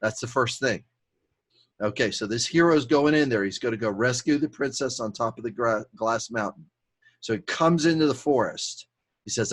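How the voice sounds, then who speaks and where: A man hosting a podcast, telling a fable in an animated way and chuckling at his own tale. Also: mid-range voice, normal speed. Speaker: podcast host. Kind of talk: storytelling, conversational.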